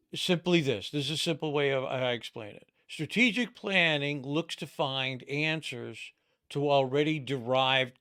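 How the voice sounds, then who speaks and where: A man hosting a leadership podcast, speaking in a halting way and often restarting his sentences. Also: medium pitch, fairly bright tone. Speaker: podcast host. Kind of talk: interview conversation.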